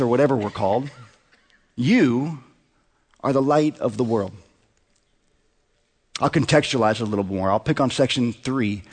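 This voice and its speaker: A man in his thirties preaching a sermon in a conversational way, often asking the congregation rhetorical questions. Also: medium pitch. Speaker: pastor. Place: church sanctuary. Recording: long hall reverb.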